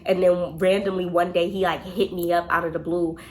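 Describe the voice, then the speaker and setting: A young woman vlogger telling a storytime, chatty and animated, talking straight to her viewers. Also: on the low side, brisk, a little hiss or hum. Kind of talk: storytime vlog.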